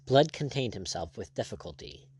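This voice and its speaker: A man reading a classic adventure novel aloud in measured scripted narration. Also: lowish voice, sing-song, darkish tone, slightly rough, no room sound. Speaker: audiobook narrator.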